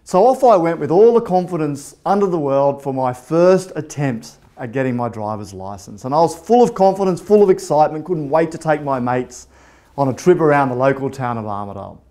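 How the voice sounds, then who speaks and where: A man delivers a motivational talk in a fairly high voice. He tells his story with energy and acts out the dialogue as he goes. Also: lively intonation, fairly quick, warm tone. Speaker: motivational speaker.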